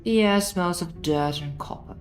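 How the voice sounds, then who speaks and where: Woman doing a deep-set stern narrator for a game read. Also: normal speed, soft background music, lightly acted, low-quality recording. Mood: ominous. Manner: commanding, insistent. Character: stern female narrator urging a princess slaying. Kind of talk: reading a game aloud.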